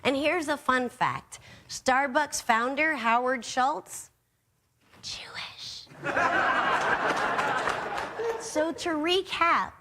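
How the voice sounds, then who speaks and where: A woman's voice: high voice, expressive, slow, few pauses, sharp tone, some chatter behind, slight background noise. A woman hosting a comedy show, delivering a sarcastic, punchy monologue to a studio audience. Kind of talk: stand-up monologue.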